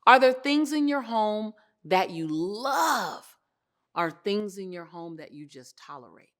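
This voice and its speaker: A woman hosting a motivational talk to camera on an indoor set, speaking in an expressive, animated way and laughing often. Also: medium pitch, a little slow.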